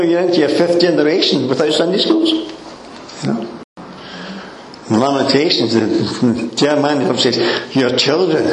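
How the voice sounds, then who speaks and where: A man preaching in an easygoing, conversational manner, with frequent soft chuckles and asides to his listeners. His voice sits at an ordinary pitch and rings in an echoey room, with faint ambient noise behind it. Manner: conversational, chuckling, peppered with "you know". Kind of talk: sermon.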